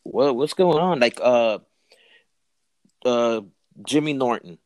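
A man's voice: mid-range voice, slow, a little mellow, no echo. A man hosting a podcast, chatting in a laid-back way with lots of fillers. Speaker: podcast host. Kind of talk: casual podcast chat.

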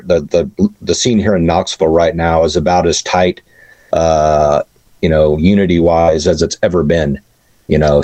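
Deep, halting musician. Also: male voice, dark tone, no room sound, poor audio. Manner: halting, many uhs and repeated words. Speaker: band member guest. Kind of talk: casual interview answers.

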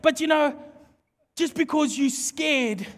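Preacher, animated and playful, long church-hall reverb. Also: male voice, extremely high pitch, slow pace. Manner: animated, playful, jokes with the congregation. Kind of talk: sermon with humorous storytelling.

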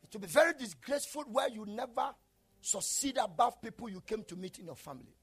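Impassioned high-voiced male preacher. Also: animated, fairly quick, husky. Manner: impassioned, swings from shouting to low murmurs. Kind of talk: sermon.

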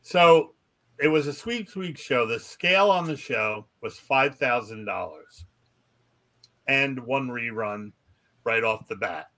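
A man's voice: medium pitch, takes it slowly. A man, a magician and comedian, chatting on a podcast and acting out the voices of people in his anecdotes. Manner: animated storyteller acting out quoted voices. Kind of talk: casual podcast chat.

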